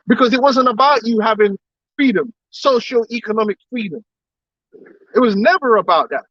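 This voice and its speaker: A man gives an impassioned, emphatic lecture and keeps pressing his listeners with rhetorical questions. His voice sits very high for a man. The recording is dry and dull, with little room sound. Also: a bit bright, no echo.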